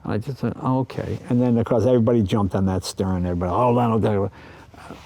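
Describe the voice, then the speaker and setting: Animated older man, mellow voice. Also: lowish voice, fast talker, gravelly. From East Coast of the US. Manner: animated storyteller, acts out quoted voices. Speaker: interview guest. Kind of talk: anecdotal interview talk.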